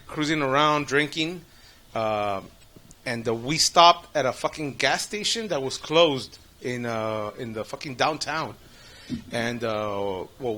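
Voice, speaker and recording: A man's voice: mid-range voice, sharp tone. A man co-hosting a podcast, telling profane, laugh-filled stories in casual chat and acting out other people's lines. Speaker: podcast co-host.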